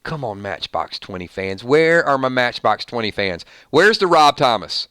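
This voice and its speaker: A man hosts a live stream and playfully tallies viewer votes on music matchups. His voice is bright and crisp. It sits close and dry on the mic, with no room sound. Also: medium pitch, no echo. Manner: playful, animated, reading out votes. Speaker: host.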